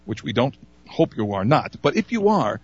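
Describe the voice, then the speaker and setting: A man co-hosting a radio show, brisk and jokey as he reads out numbers. His voice is husky and moves around a lot in pitch. The audio is dry and a little dull. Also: very animated, no room sound. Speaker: radio talk show co-host. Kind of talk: casual on-air chat.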